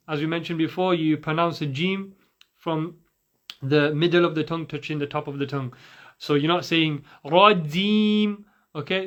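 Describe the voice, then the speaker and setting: A man's voice: on the high side, fairly bright tone, highs cut off. A man teaching Quran recitation rules in a patient way, demonstrating and repeating sounds for the listener. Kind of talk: recorded recitation lesson.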